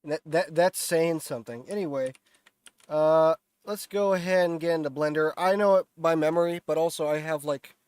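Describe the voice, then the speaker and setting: Man, stuffy nasal cold voice, rambling self-deprecating streamer, a bit high-pitched, dry close sound. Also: moderate pace, darkish tone, clean tone, dry recording. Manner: rambling, self-deprecating, lots of fillers and restarts. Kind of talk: casual live-stream commentary while 3D modeling.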